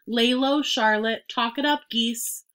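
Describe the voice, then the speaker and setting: Storybook old sheep, bright and bossy, urgent as voiced by a woman. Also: fairly high pitch, steady tone, slow, clean tone, voice pushed up. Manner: urgent, commanding.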